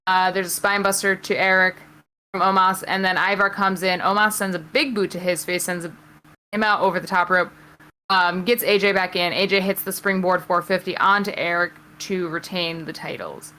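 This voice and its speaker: A woman's voice: lowish voice, steady tone, moderate pace, pushed and bright, rough recording. A woman co-hosting a podcast, retelling a wrestling match move by move in casual chat, with many ums. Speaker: podcast co-host.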